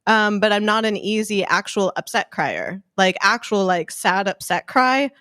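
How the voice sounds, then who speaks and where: A woman in casual podcast chat, talking quickly and animatedly and acting out what people said. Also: mid-range voice, no room sound, clean studio sound. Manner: quick, animated, often laughing, acts out quotes.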